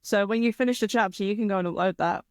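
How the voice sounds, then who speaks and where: A woman's voice: medium pitch, quick pace, no room sound, studio quality. A woman co-hosting a casual podcast, laughing often and explaining things in an informal way. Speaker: podcast co-host.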